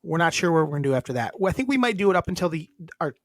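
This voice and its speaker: A woman's voice: lowish voice, very animated, very fast, dry recording. A woman co-hosting a podcast in casual chat, reading out lists and joking around. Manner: chatty, reads lists aloud, laughs and jokes. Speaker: podcast co-host.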